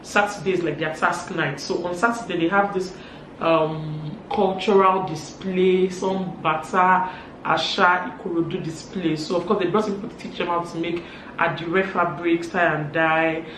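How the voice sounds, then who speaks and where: A woman's voice: lowish voice, steady tone, moderate pace, fairly bright tone, slight background noise. A woman with a Nigerian accent, chatting through a casual, gossipy recap of a reality show. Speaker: vlogger. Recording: echoey room.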